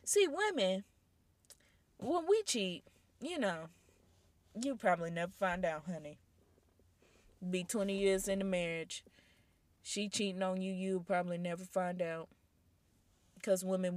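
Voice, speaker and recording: A woman's voice: medium pitch, takes it slowly, pauses often, no echo. A woman giving casual commentary to her audience, talking to them directly and tossing out rhetorical questions. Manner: animated, addresses audience directly; rhetorical questions, incredulous asides.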